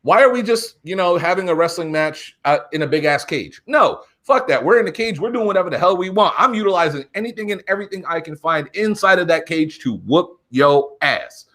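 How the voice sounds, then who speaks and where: A man co-hosting a wrestling podcast, talking in an excited, profane, casual way. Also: high-pitched, brisk, few pauses. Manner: animated, profane, builds excitement. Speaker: podcast co-host. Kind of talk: casual chat.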